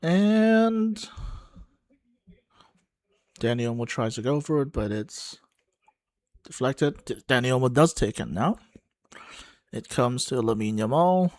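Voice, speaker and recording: A man giving casual live play-by-play of a football match for a watchalong, slow and halting, pausing and musing between calls. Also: mid-range voice, no echo. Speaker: watchalong commentator.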